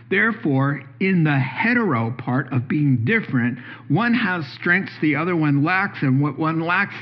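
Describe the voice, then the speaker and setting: A middle-aged man preaching a sermon, a joking storyteller whose voice jumps high as he gets animated. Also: lo-fi sound. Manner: animated, joking storyteller who rises sharply in pitch. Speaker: pastor.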